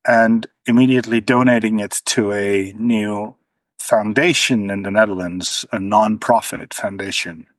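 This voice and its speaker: A man's voice: on the low side, no echo. A man speaking as an interview guest, thoughtful, with frequent restarts and a dry sarcastic streak. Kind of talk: conversational interview.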